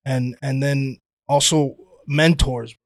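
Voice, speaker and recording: A man chatting casually as a podcast guest, telling animated stories, swearing freely and calling people "dude". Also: mid-range voice, takes it slowly, no echo, clean studio sound. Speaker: guest, actor and playwright.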